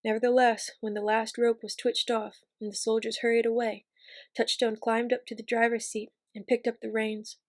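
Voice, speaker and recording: A woman reading a novel aloud in a measured, steady way. Her voice sits a little high and moves within a narrow, level range. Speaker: reader. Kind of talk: audiobook reading.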